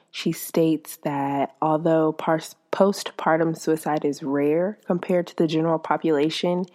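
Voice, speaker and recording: Low, slow woman talking on her podcast, earnest and heartfelt. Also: darkish tone. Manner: earnest and heartfelt, speaking slowly. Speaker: podcast host. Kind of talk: personal podcast monologue.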